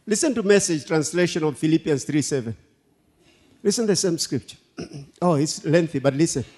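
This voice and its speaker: A man preaching a sermon as pastor, animated, laughing and repeating himself for emphasis. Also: a little high, fairly quick. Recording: long hall reverb.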